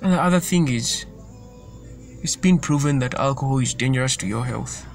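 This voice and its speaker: A man's voice: medium pitch, normal speed, vocal fry, faint music behind. A man giving an informal sermon in an earnest, repetitive way, often stumbling and restarting his sentences. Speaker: preacher.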